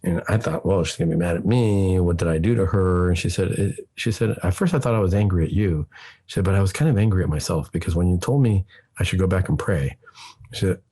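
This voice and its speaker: Gravelly-voiced psychiatrist telling a story. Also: male voice, sits low, fast, mellow. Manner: anecdotal, acts out quoted dialogue; frequent fillers and restarts. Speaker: psychiatrist guest. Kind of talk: radio talk, telling a patient story.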